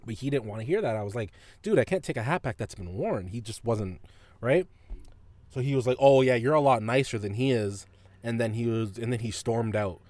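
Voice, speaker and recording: A man's voice: mid-range voice, fairly quick, darkish tone, no echo. A man hosting a podcast, telling a story in a casual, profane way and laughing often. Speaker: podcast host.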